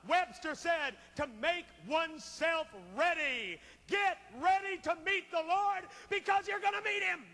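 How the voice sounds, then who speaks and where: A man's voice: very high voice, a little slow, vocal fry, hardly any pauses, big-room sound. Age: adult. Sex: man. Style: fiery revival sermon. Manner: impassioned, swings from shouting to hushed pleading. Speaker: revival preacher. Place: large church auditorium.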